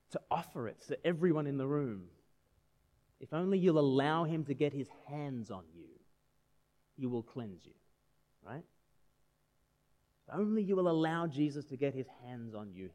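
With a dark tone, a slightly high pitch and an expressive, moderate pace, a man in his thirties gives a conversational sermon full of questions for his listeners.

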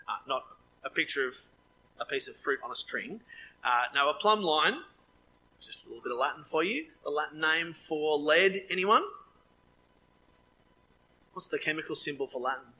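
A man preaching a sermon, lively with joking asides, his voice leaping up when he quotes. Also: a little high, slight background noise, rough recording.

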